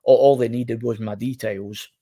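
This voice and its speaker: Casual male streamer, mid-pitched voice, animated anecdote-telling to a live audience. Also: normal speed. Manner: animated, rambling anecdote with quoted dialogue. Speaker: livestream host.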